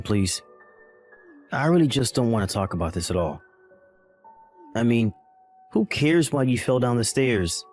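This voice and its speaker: A man's voice: mid-range voice, a little mellow, natural voice. A man voicing a callous young husband in an acted text story, brushing things off with exasperated sighs.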